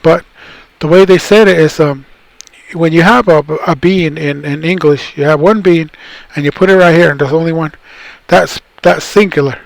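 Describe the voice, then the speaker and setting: A middle-aged man from the Tohono O'odham Nation explains words in a recorded cultural talk. His voice sits a little high for a man and sounds close and dry, with no room around it. He rambles easily, repeating himself and restarting his sentences. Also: normal speed, vocal fry, no echo, low-quality recording. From Tohono O'odham Nation, southern Arizona. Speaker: cultural presenter.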